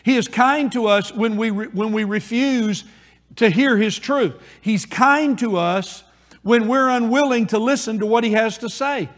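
Guy preaching in church, pretty high voice, lots of repeating and slowing down on the big lines, echoey hall. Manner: preaching with emphatic repetition and rising, slowing phrases. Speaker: pastor. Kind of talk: sermon. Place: church sanctuary. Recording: long reverb of a church hall.

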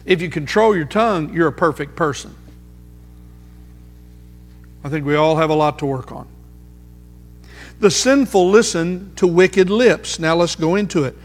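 High-voiced man preaching in a reverberant church. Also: vocal fry. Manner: emphatic, repeats phrases slowly for weight. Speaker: pastor. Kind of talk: sermon. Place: church sanctuary. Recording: music under voice, long hall reverb.

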